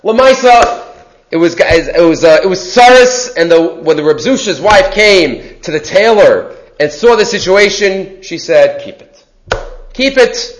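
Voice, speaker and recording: High-voiced man teaching a Torah class. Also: lively intonation, unhurried, a little hiss or hum. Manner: mixes in Hebrew terms, often asks "right?".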